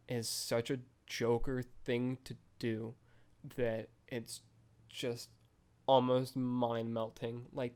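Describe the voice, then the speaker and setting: A young man talks through a film in a loose, rambling podcast chat, dropping "like" and "um" all the time. His pitch sits in a middle range, and his delivery stays flat and even with little rise or fall. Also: smooth. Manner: rambling, heavy use of "like" and "um". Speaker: podcast host reviewing a film. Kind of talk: casual chat.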